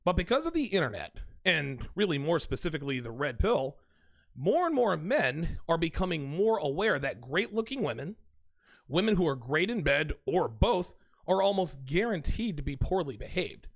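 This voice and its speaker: A man's voice: fairly high pitch, big pitch swings, normal speed, vocal fry, no room sound. A man hosting a dating-advice channel, talking bluntly and casually to his viewers and calling them guys and dude. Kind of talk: casual straight-to-camera monologue.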